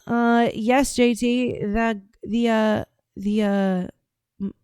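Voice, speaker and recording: A woman's voice: fairly high pitch, steady tone, takes it slowly, darkish tone, clean tone, dry recording, clean studio sound. A woman hosting a casual livestream, reading out chat and talking in a brash, profane, drawling way.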